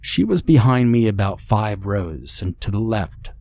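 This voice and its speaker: Low-voiced man narrating a ghost story. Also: very animated, a little mellow. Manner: measured, matter-of-fact storytelling. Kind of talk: scripted horror narration.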